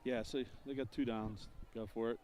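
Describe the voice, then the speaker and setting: A man giving relaxed, chatty color commentary at a high school football game and reading out other scores. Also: moderate pace, slight background noise.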